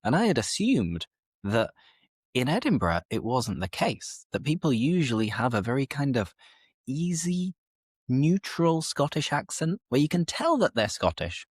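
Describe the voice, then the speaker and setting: A young man hosting a slow, clear conversation for English learners, speaking in a measured, reflective, explanatory way. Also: medium pitch, sing-song, dry recording, clean studio sound. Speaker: English teacher, host.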